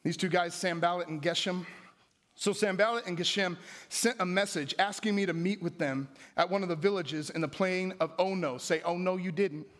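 High-voiced, joking preacher man. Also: moderate pace. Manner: joking, animated preaching with crowd prompts. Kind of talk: sermon. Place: church.

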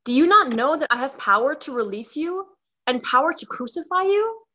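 A woman reading the part of Pilate, a stern male Roman governor, in a dramatized scripture reading, with a measured, questioning delivery. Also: high voice, animated, bright, forceful tone, muffled recording.

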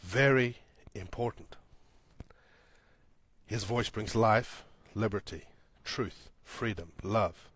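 A man preaching a sermon as pastor, repeating lines for emphasis, building loud and high, then dropping soft and low. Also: takes it slowly, husky. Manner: swells louder and higher when building to a point, then drops soft and low.

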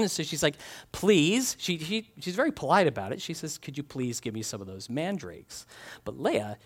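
A man preaching a sermon, reading scripture aloud and telling stories with animated little acted-out scenes. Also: a little high. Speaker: pastor.

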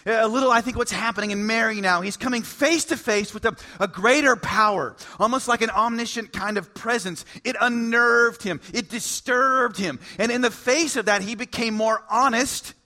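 A man preaching a sermon, in an animated, conversational way with bits of humor. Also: very high voice, moderate pace, few pauses. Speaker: pastor.

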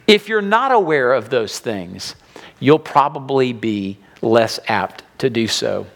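A man preaching a sermon to his congregation, animated and acting out the voices of people he quotes. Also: mid-range voice, slow, gravelly. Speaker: pastor.

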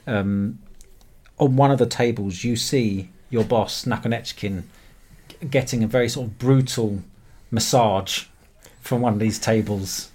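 A man's voice: fairly low pitch, darkish tone. A man narrating as game master of a tabletop role-playing game, describing rooms at length with many fillers. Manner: descriptive, calls for checks, hesitant fillers.

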